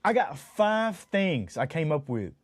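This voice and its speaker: A man's voice: fairly high pitch, sing-song, measured pace, slightly rough, dry recording. A man co-hosting a podcast, ranting in mock exasperation and counting off his points in a casual chat. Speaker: podcast co-host.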